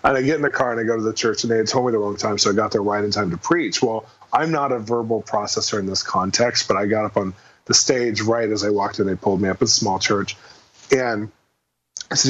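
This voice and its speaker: Fast-talking husky man telling a story. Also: lowish voice, lo-fi sound. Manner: fast, animated storytelling with acted quotes. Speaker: guest minister. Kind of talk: casual testimony storytelling.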